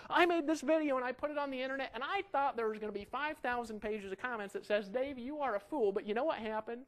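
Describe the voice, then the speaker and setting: A middle-aged man giving an energetic marketing webinar, animated and ranting, full of rhetorical questions. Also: very high-pitched, fast talker. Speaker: online marketing instructor.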